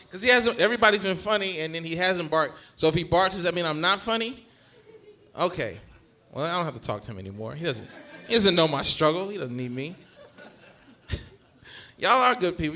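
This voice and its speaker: A man's voice: fairly high pitch, pushed and bright. A young man from Georgia doing live stand-up in a long comedy club room. He works the crowd on a handheld stage mic with loose, profane banter. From Georgia, USA.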